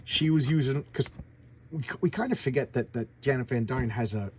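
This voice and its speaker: Male host, casual review vlog; husky, eager, tumbling and repetitive delivery. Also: medium pitch, moderate pace. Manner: excitable, gushing, repeats words. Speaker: comic book channel host. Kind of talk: casual comic book review.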